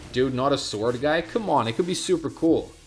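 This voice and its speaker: A man's voice: medium pitch, animated, moderate pace, faint music behind. A man from Sweden, chatting casually as a game streamer, rambling from one thought to the next and answering his chat.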